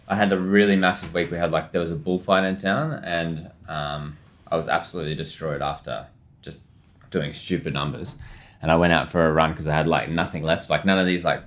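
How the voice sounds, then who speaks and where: A chef talks through his stories in a loose, rambling way, peppering his sentences with "like." His voice sits low, and he laughs easily as he goes. He sounds like a man in his thirties relaxing on a podcast. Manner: laid-back, rambling, lots of "like", laughs often. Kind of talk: casual interview chat.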